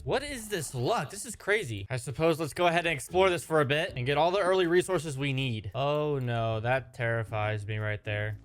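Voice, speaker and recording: A young man giving jokey, excitable commentary over his own game footage, with quick exclamations. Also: on the high side. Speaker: gaming YouTuber. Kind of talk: Minecraft gameplay commentary. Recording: voice-over with music behind.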